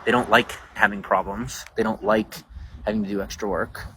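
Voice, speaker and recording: Man, low voice, rambling livestream chat, outdoors at night, faint background noise. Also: fairly even intonation, normal speed, pushed and bright. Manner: rambling, talks to viewers, many fillers. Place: outdoors at night, bugs around.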